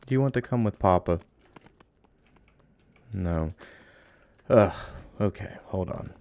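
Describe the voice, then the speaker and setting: Deep gravelly man playing a game. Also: slow, no echo. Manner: playful, coos and baby-talks at game creatures; drifts into hushed, musing narration. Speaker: game streamer. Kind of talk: let's play commentary.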